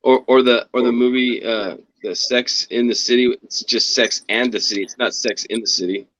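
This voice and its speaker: A man's voice: mid-range voice, fairly even intonation, moderate pace, fairly bright tone, no echo. A man talking loosely on a livestream, wandering from one thought to the next in a mid-range voice. The audio is dull and lo-fi. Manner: rambling, swears then apologizes. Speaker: guest on a livestream. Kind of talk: casual chat.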